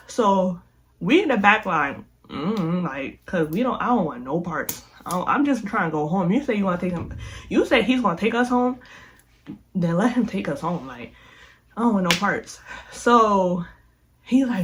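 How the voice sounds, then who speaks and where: A young woman vlogger telling a storytime in a chatty, animated way, speaking straight to her viewers. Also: medium pitch, moderate pace. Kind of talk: casual storytime.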